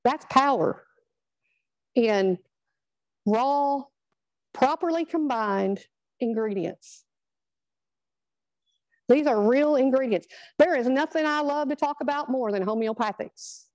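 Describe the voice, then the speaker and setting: A woman's voice: fairly high pitch, darkish tone, dry recording, rough recording. A middle-aged woman, giving a chatty, earnest motivational talk to a live group. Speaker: speaker at a product training.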